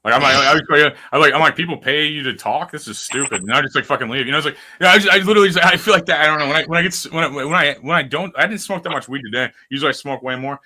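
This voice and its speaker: A man's voice: on the high side, very fast, few pauses, bright, forceful tone. A man hosting a casual podcast chat, rambling and profane as he riffs on stories. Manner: rambling, profane, restless riffing. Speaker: podcast host.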